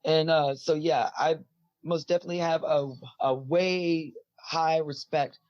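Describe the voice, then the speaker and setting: Guest voice: husky, deep-voiced woman, rambly and filler-heavy, dull dry lo-fi audio. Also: fairly even intonation, measured pace, no room sound. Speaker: musician guest. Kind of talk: casual interview talk.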